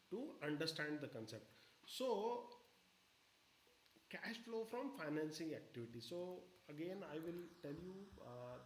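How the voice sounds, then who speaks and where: A man leads a live stock-market webinar in a slightly high voice. He explains step by step and keeps checking that everyone is following. The recording has room echo and a faint hum of background noise.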